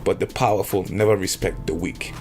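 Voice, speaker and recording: A man's voice: deep voice, steady tone, fairly quick, over music. A man delivering an emphatic monologue, lecturing and firing off rhetorical questions. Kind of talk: emphatic monologue on power politics.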